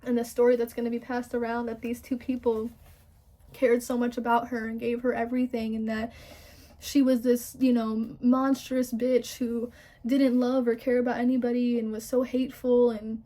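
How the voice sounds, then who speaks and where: A woman's voice: on the high side, warm tone. A young woman in an emotional personal monologue, raw and profane, stumbling over restarts and close to tears.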